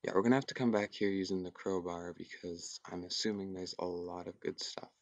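A young man talks through his gameplay in a hushed, often whispered voice, thinking aloud and circling back on his words. His voice sits a little low. The sound is dry and close, with no room around it. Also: steady tone, fairly quick, vocal fry, no echo. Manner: thinks aloud, repetitive and tentative. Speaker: gaming YouTuber. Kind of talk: casual gameplay commentary.

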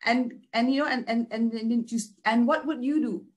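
A woman's voice: fairly high pitch, normal speed. A woman teacher giving an interactive class, asking her listeners questions and repeating herself as she explains. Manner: asks the class questions, repeats words, animated. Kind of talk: interactive online class talk.

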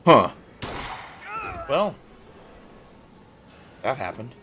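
A man's voice: mid-range voice, very animated, drawn-out words, noisy background. A man giving casual, sarcastic commentary while playing a video game. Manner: sarcastic, joking asides. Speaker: let's play gamer. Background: game music.

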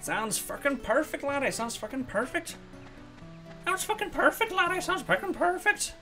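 A cheery, foul-mouthed Irishman, as a man hams him up between game moves. The voice sits high above the performer's own and stretches each word slowly. It has a broad, put-on Irish lilt. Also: sing-song, bright, forceful tone, faint music behind, full character voice. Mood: gleeful.

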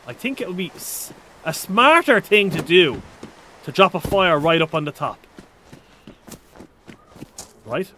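High-pitched excitable streamer man. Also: unhurried, long pauses. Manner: excitable, swears a lot. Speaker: streamer playing a survival game. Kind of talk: casual live-stream commentary.

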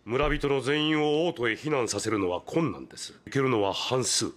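A man's voice: medium pitch, fast talker, lightly acted. An actor playing a courteous elderly swordsman who speaks formally and deferentially in an anime clip.

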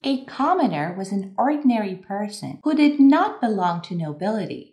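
A woman teacher giving a playful English vocabulary lesson, moving between bright exclamations and hushed asides. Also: medium pitch, echoey room.

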